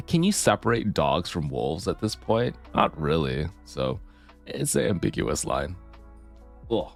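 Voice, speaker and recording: A male streamer chatting casually and rambling with his viewers, his voice deep and gravelly from the morning, keyboard clicks on a desk mic. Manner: rambling, chatty, self-deprecating. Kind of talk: casual live-stream chat. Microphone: desk mic, keyboard clicks audible.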